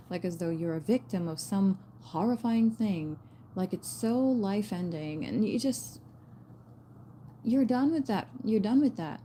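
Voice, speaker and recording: A woman talks straight to her viewers in a loose spiritual message, blunt and fired up, dropping slang and swear words. Her voice is mellow and warm rather than bright. There is a faint hiss of noise behind her. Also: medium pitch. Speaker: spiritual reader.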